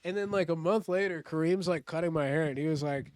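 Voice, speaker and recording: Young guy telling a wild story, high voice, laughs a ton, swears, dry close sound. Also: quick pace, few pauses, no room sound. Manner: laughs often, heavy swearing. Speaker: comedian guest. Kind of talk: casual storytelling chat. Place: studio.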